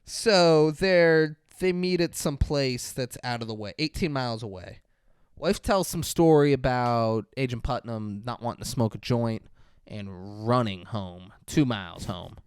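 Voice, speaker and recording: A man co-hosting a casual movie review podcast, animated and swearing freely as he retells scenes. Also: mid-range voice, a little slow, smooth, no echo, clean studio sound. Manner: animated, swearing, acts out scenes in quoted voices. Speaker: podcast co-host.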